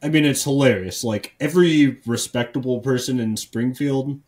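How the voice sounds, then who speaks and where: A man's voice: medium pitch, moderate pace, a little mellow. A man on a casual comedy podcast, ranting profanely and rambling with lots of false starts. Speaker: podcast co-host.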